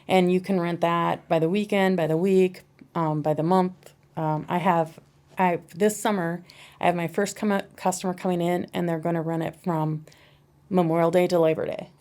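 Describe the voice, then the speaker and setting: Casting: a woman with a slightly low voice, a practical small-business owner, matter-of-fact with halting restarts. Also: steady tone, a little mellow. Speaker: bar and grill owner, guest. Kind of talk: casual podcast interview.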